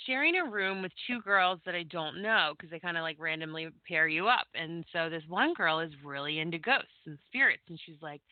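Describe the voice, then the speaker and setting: A woman's voice: fairly low pitch, no room sound. Woman telling a ghost story over the phone. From Vermont and New Jersey, US. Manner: chatty, many "like" fillers, acts out her teen self. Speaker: guest. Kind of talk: casual storytelling on a call-in radio show. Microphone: phone call. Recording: tinny phone line, dry.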